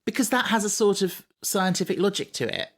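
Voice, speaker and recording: A woman's voice: mid-range voice, lively intonation, a little fast. A woman co-hosting a podcast in casual chat, skeptical and teasing. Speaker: podcast co-host.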